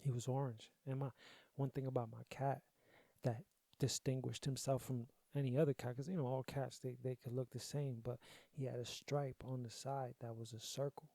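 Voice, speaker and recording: A young adult man hosts a podcast, his gravelly, warm mid-range voice showing little pitch movement at a moderate pace, recorded with no echo. Grieving and emotional, he tells a sad personal story casually and profanely, repeating himself.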